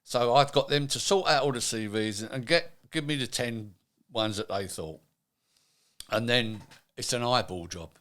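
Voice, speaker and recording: A man's voice: mid-range voice, moderate pace, a bit bright. An older man, a retired executive chatting in an interview and acting out what people said to him. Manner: chatty, acts out quoted dialogue. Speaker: retired manufacturing executive, guest. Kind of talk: casual interview.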